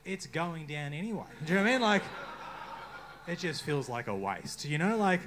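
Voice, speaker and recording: A young man with an Australian accent doing a stand-up comedy set on a bar stage, deadpan with sudden outbursts. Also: fairly high pitch, fairly quick, slight background noise. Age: young adult. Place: bar stage before a live crowd.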